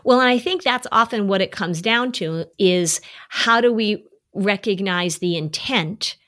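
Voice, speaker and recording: A middle-aged woman talks through parenting advice like a relaxed chat, telling little stories and pausing to ask "right?". Her voice sits in an ordinary middle pitch, neither high nor low. She keeps an easygoing, conversational tone throughout. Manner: conversational storytelling, frequent "right?" check-ins. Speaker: podcast host and parenting advisor.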